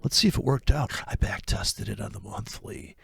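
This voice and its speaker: A man's voice: lowish voice, moderate pace, gravelly, a bit bright, breathy edge, no room sound. A man walking through trading charts in a sarcastic, profane teaching style. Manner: sarcastic, swears freely, mock-dialogue. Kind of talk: profane, sardonic chart walkthrough.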